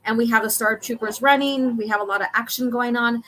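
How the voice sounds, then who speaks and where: Chatty woman host, slightly high voice. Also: steady tone, fast, few pauses, sharp tone. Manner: chatty, reads comic lines aloud with many ums. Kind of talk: casual chat walking through comic pages.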